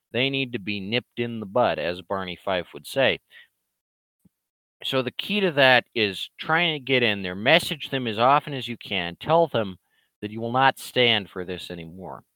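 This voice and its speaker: A man's voice: fairly low pitch, sharp tone, no room sound. A man in a casual, rambling monologue, swearing freely and mocking the people he talks about as he addresses his fans. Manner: profane, rambling, quick to mock. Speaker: comic creator addressing his online fans.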